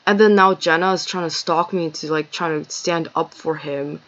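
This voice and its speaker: A woman's voice: deep voice, fairly even intonation, normal speed, a bit bright, dull audio. A woman telling a long, rambling story in a casual monologue, swearing often and sounding agitated.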